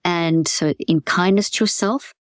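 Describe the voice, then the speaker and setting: A woman's voice: fairly low pitch, a little slow, dry recording. A woman hosting a podcast, explaining a mental health method in an earnest coaching way, often repeating and restarting her words. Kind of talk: webinar talk, explaining and coaching.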